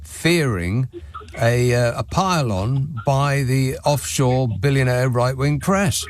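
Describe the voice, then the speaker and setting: A man's voice: medium pitch, takes it slowly, no echo. A male radio host takes calls and reads out listener texts in a dry, mocking tone. His voice sits in a middle register and stumbles over its own restarts. The studio sound is close and completely dry. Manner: dry, sardonic, with frequent restarts. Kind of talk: talk radio phone-in and reading listener texts.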